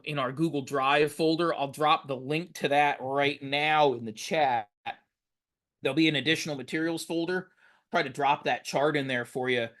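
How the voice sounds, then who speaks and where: Brief: male instructor, slightly higher voice, video-call training, practical and encouraging, filler-heavy. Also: bright, forceful tone. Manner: works hands-on with tools while talking. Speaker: fire service instructor. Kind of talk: live online training demonstration.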